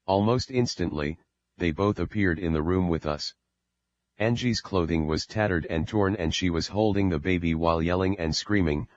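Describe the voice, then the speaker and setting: A man's voice: deep voice, normal speed, dry recording. A man reading a first-person audiobook in a plain, unpolished way, with occasional slips. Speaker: audiobook narrator. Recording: dull lo-fi dry recording.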